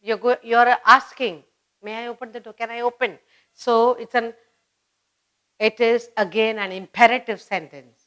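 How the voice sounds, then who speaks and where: A woman's voice: fairly high pitch, fairly even intonation, moderate pace, a bit bright. A woman teaching a children's grammar lesson, repeating each example sentence and explaining it step by step. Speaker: English teacher.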